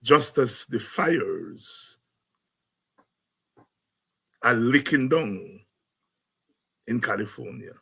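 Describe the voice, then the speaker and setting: A man hosting a talk show who breaks into excited shouts and scatting between serious comments. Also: mid-range voice, very slow, gravelly, pauses often, husky. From Caribbean. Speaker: host and lecturer.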